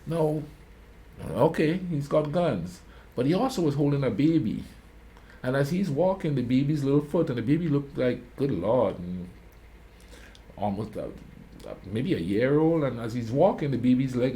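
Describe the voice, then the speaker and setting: A man's voice: medium pitch, slight background noise. A man hosting a reaction video, telling rambling anecdotes in a casual way and often asking "you know what I mean?". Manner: calls himself a quiet talker. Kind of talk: casual storytelling commentary.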